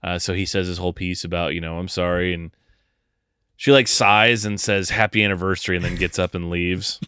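A man with a lowish voice, recorded dry and close. He talks in a loose, animated way, swearing and acting out lines in goofy voices as he goes through a film. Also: clear, resonant tone, no echo. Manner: animated, profane, quick to act out lines in funny voices. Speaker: podcast co-host. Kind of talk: casual movie-discussion chat.

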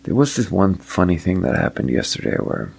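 A man's voice: low voice, sing-song, brisk, creaky, slightly rough. A man hosting a casual late-night solo podcast, talking in a wry, self-mocking way and swearing freely.

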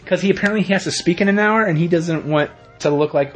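A slightly high, husky man on a casual podcast, telling a long rambling story with plenty of restarts. Faint music sits behind his voice. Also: fast talker. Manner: rambling, animated retelling with quoted voices. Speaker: podcast co-host. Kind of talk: casual chat, retelling a TV episode.

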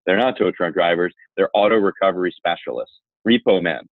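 A man's voice: deep voice, a little fast, no room sound. A man, a podcast guest who works in insurance marketing, telling a story in a candid and self-assured way. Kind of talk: storytelling conversation. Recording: tinny phone-like line, dry.

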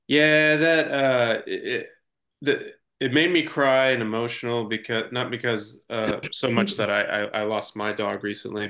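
A man co-hosting a movie podcast, speaking in a dry, halting way during casual chat. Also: lowish voice, creaky, sharp tone. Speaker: podcast co-host.

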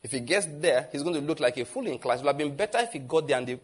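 A man with a Nigerian accent preaching a sermon, animated and asking the congregation questions. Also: a little high, fast talker, breathy edge. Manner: animated, asks the audience questions.

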